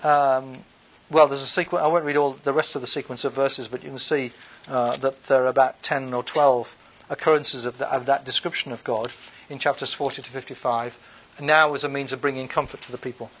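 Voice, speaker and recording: A man's voice: mid-range voice, steady tone, fairly quick, a bit bright, husky. A man giving an unscripted lecture on scripture, reading verses aloud and then explaining them in a conversational way, with frequent ums, uhs and restarts. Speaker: bible lecturer.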